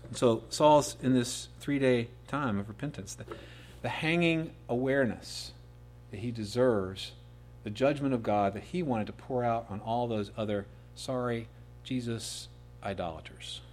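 A man preaching a sermon, rising to loud emphatic peaks and dropping to soft, slow asides on key phrases. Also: mid-range voice. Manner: slows right down to dwell on key phrases.

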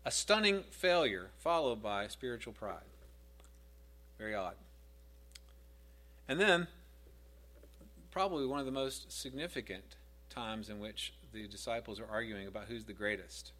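A man's voice: lowish voice, expressive, measured pace, pauses often, bright, forceful tone. A man preaching a sermon in a conversational way, asking his listeners questions and dropping his voice when he quotes scripture.

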